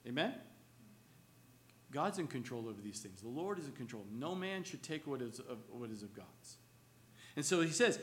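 A male pastor preaching a sermon, asking the congregation questions and swinging between loud, emphatic lines and hushed, slow ones. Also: sits high, big pitch swings.

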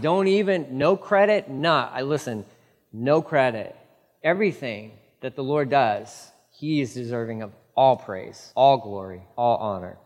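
A fairly high-voiced man preaching from a church stage, his words trailing off into a long hall reverb. He tells the story with animated, casual asides and slips into quick impressions of the people he quotes. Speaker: pastor. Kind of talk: sermon.

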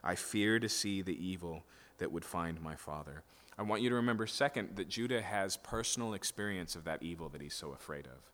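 A man's voice: deep voice, lively intonation, a little fast, fairly bright tone. A man preaching an expository sermon in a conversational way, often checking in with his listeners. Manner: conversational, checks in with "okay?" and "right?". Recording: long hall reverb.

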